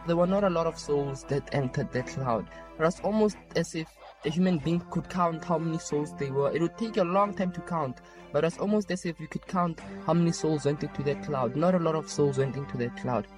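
A man's voice: on the high side, fairly quick, over music. A man earnestly recounting a vision as a personal testimony, repeating key points for emphasis.

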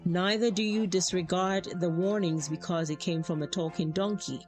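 A woman's voice: on the low side, fairly even intonation, normal speed, a little mellow, faint music behind. A woman delivering a prophetic message in a stern, commanding way.

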